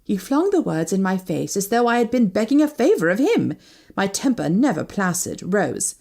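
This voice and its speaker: A woman's voice: moderate pace, vocal fry. A woman narrating a first-person novel as an audiobook, reading expressively. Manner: expressive, shifting pitch with each character.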